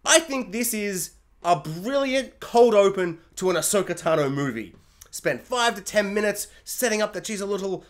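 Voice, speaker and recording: A young man with a notably high speaking voice, giving a casual review rant. He is animated and jokey, and he acts out quotes in even higher excited voices.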